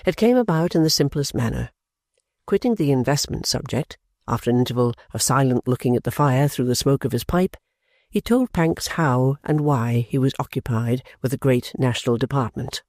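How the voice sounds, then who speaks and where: Guy reading an old novel aloud, mellow warm voice, super dry close mic. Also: medium pitch, lively intonation, moderate pace, dry recording. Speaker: audiobook narrator. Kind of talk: scripted narration.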